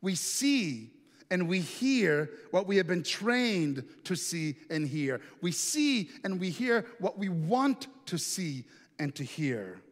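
A man's voice: high-pitched, very animated, takes it slowly. A man preaching a sermon, telling a story in a conversational way and asking the congregation questions. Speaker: pastor. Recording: echoey hall reverb.

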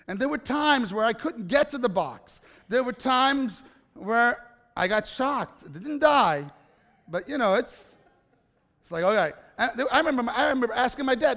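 A pastor with a New York accent delivers a storytelling sermon, his voice sitting high for a man. He acts out quotes and climbs to loud, emphatic peaks. The sound carries a long reverb from a large hall. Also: animated, moderate pace.

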